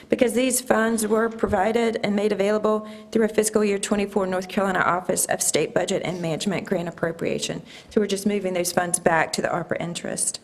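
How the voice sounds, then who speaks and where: Hoarse woman reading out budget items. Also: medium pitch. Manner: steady, businesslike item-by-item reading. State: losing her voice. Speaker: county finance director.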